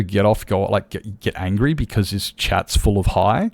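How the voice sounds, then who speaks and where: A man's voice: on the low side, very animated, moderate pace, gravelly, darkish tone, no echo. A male livestreamer in casual chat with viewers, rambling and candid, swearing freely as he talks.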